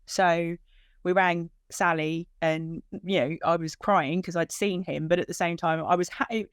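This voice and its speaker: A woman's voice: lowish voice, unhurried, clean tone, no echo, studio quality. A woman telling the emotional story of searching for her lost dog, acting out the dialogue as she goes. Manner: animated retelling with quoted dialogue, voice lifting when moved.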